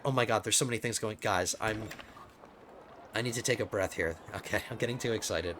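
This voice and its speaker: A man hosting a let's play, giving casual gameplay commentary and getting excitable as he thinks aloud. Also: on the low side, brisk, slight background noise. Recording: game music playing under the voice. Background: game music.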